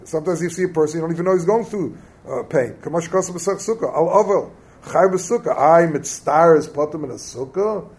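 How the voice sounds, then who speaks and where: A man's voice: a little high, brisk, a little mellow. A man giving a Talmud class lecture as a Torah teacher, explaining texts in English mixed with Hebrew terms and quizzing his students.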